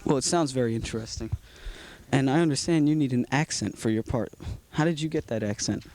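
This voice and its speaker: A teenage boy with an ordinary mid-pitched voice conducts an interview for a school video. He keeps his questions short and polite. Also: a little fast, a little mellow, no echo. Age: teens. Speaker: student interviewer.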